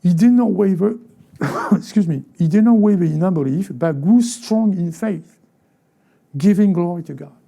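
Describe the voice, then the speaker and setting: A male pastor delivering a sermon in a church, his voice gravelly and very dark. He fires rhetorical questions at the congregation and slips into brief acted-out voices of the people he describes, and he often repeats and restarts his phrases. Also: sits high, moderate pace. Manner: acts out short quoted voices, asks the congregation rhetorical questions. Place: church sanctuary.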